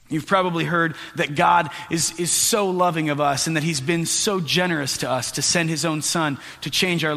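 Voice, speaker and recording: A man preaching a sermon as pastor, telling a story in an animated way with voiced asides. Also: a little high. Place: church sanctuary. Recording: echoey hall with long reverb.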